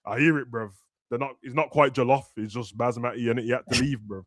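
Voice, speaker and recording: A man's voice: mid-range voice, fairly even intonation, fairly quick, fairly bright tone, no room sound, studio quality. A young man, chatting casually about football and acting out players' words in slangy talk. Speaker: football podcast host. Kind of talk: casual chat.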